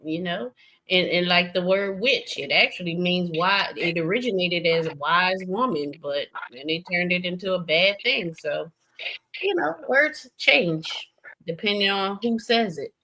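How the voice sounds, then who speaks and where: Bright-voiced woman chatting animatedly. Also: fairly low pitch, unhurried. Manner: animated, emphatic storytelling. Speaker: streamer host. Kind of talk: casual chat. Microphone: streaming setup.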